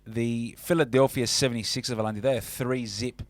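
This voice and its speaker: A man's voice: medium pitch, fairly even intonation, a little fast, no echo. A man co-hosting a casual sports radio show, chatty and matey. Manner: chatty, calls co-host mate.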